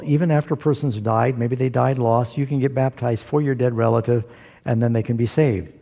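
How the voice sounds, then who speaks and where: A pastor with a mellow, mid-range voice works through Bible verses before a live crowd, stressing points and explaining them carefully. The sound carries a long hall reverb.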